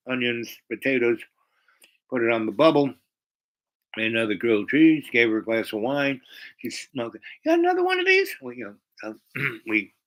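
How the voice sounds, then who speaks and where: A man telling a personal story in a casual, rambling way, animated and full of fillers. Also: mid-range voice, poor audio.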